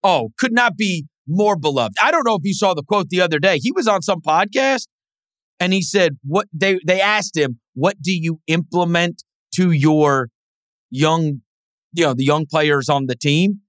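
A man co-hosting a sports podcast, telling stories in a casual, animated way and dropping into high mimicking voices. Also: normal speed, no room sound, studio quality. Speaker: podcast co-host.

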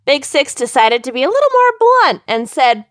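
A woman's voice: high voice, sing-song, moderate pace, no echo, clean studio sound. A woman co-hosting a podcast, telling a true-crime story in a wry, casual way with frequent laughs. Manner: wry, laughs often, playful asides.

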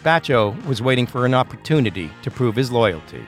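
A man delivering measured, scripted narration for a true-crime podcast. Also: mid-range voice, sing-song, faint music behind.

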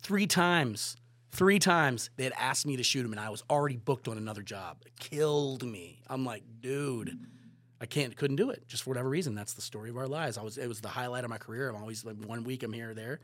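Sex: man. Pitch: mid. Room: dry, close mic. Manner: rambling storyteller. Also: fast talker, a bit bright, dry recording. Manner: rambling storyteller, acts out quoted dialogue. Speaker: photographer guest. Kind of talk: casual anecdote telling.

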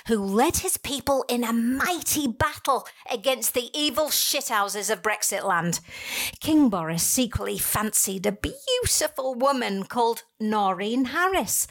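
A woman's voice: fairly high pitch, heavily acted. An actress voicing a pompous woman politician in her sixties who reads aloud from her own spoof novel, telling a grand fairy-tale story peppered with blunt, crude asides. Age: 60s. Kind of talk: comic reading of a spoof novel.

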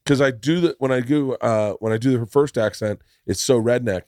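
A man's voice: medium pitch, normal speed, a little mellow, no echo, clean studio sound. A man hosting a casual comedy podcast, telling profane stories with lots of acted quotes. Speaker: podcast host.

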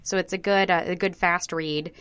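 A woman's voice: fairly low pitch, fairly even intonation, normal speed, a bit bright, smooth. A woman co-hosting a podcast in casual chat, rambling along with plenty of fillers and restarts. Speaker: podcast co-host.

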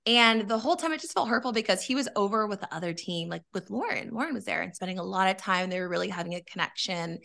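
A woman tells a personal story in a loose, candid way, with plenty of swearing. Her voice is bright and has a gravelly, fried edge to it. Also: mid-range voice, fast talker, hardly any pauses. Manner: candid, animated, swears freely. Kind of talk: casual storytelling chat.

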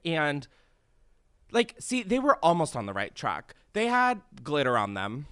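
A man's voice: a little high, huge pitch swings, measured pace, fairly bright tone, smooth, no room sound. A man hosting a podcast from a studio set, ranting in casual, profane, exasperated chat. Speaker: podcast host.

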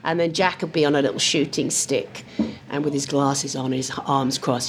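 Low-voiced older woman telling stories. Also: moderate pace. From England. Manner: lively storyteller who acts out voices. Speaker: guest. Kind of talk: casual chat. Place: restaurant over lunch.

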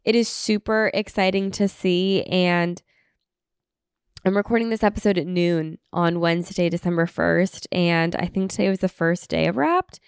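A woman's voice: on the low side, smooth, no room sound, studio quality. A young woman hosting a podcast in a casual, chatty way, sounding a little congested as she gets over an illness. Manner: chatty, uses "like" and "um" often. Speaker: podcast host.

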